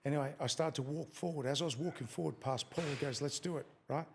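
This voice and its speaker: Gravelly Australian man telling a story. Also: on the high side, quick pace, a little hiss or hum. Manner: swears freely, tells a story with relived quotes. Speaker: guest, former fighter. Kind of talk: casual storytelling in a podcast interview.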